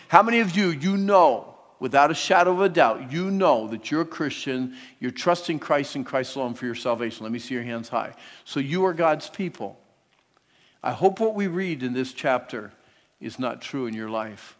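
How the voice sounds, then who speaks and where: Man, youth sermon, slightly high voice, long hall reverb, hushed to loud. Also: normal speed. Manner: animated, swings from hushed to loud. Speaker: youth speaker. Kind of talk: sermon to teens. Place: large hall.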